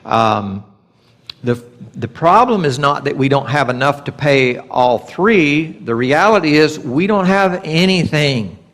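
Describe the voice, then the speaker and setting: A man's voice: a little high, animated, unhurried, fairly bright tone. Conversational male Bible teacher. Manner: conversational, acts out God's voice in quotes. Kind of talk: sermon teaching.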